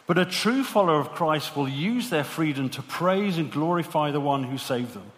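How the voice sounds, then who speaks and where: A man's voice: fairly high pitch, animated, normal speed. A man preaching a sermon in an earnest way, asking many rhetorical questions. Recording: reverberant hall.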